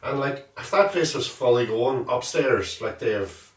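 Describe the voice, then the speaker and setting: A man's voice: mid-range voice, animated, measured pace, distant mic. A man co-hosting a podcast, chatting casually with sweary, laughing banter. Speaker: podcast co-host. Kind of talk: casual chat. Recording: roomy, off-mic sound.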